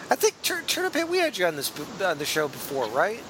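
A man's voice: high voice, wildly swooping pitch, fairly quick, fairly bright tone, a little hiss or hum. A man hosting a casual comedy podcast, joking and self-mocking, with a put-on radio-announcer delivery. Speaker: podcast host.

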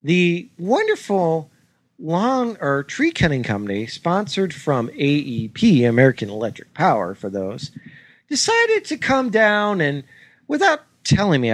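A man co-hosting a comedy podcast, telling a story in an exasperated, swearing, animated way. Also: on the high side. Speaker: podcast co-host. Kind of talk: casual chat, ranting story.

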